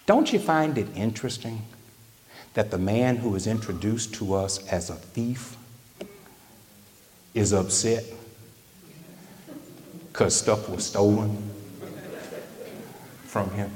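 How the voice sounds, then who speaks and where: A man preaching a sermon, swinging between loud high cries and low murmurs. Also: expressive, takes it slowly, long pauses, a little hiss or hum. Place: church sanctuary. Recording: echoey hall, long reverb.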